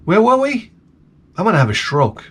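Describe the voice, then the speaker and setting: A man's voice: high voice, wildly swooping pitch, normal speed, fairly bright tone, husky. A man telling a rambling, profane story in a casual comedic rant to his vlog audience. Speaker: vlogger.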